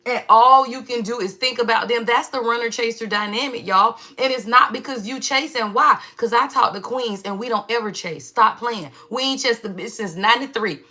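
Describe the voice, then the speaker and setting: A woman hosting a live spiritual reading stream, talking casually to viewers in a loud, slangy, profane way and often asking "right?". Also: fairly high pitch, normal speed, hardly any pauses.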